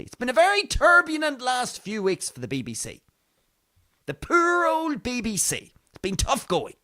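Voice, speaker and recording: A man's voice: sits high, fairly bright tone. A man hosting his own podcast, giving mocking news commentary full of rhetorical questions and casual swearing. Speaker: podcast host.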